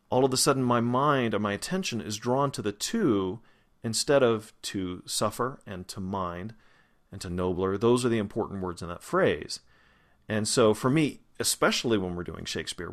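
A man who is a vocal coach, giving a pronunciation lesson and slowly demonstrating single sounds and words. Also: lowish voice, a bit bright. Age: adult, past grad school.

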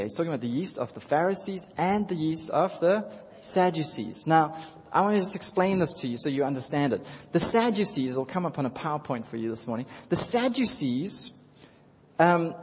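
A pastor with a fairly high, slightly rough voice and darkish tone preaches in a conversational style to his congregation in a church sanctuary. He repeats phrases, chuckles, and talks directly to listeners, captured in a dull recording with long hall reverb.

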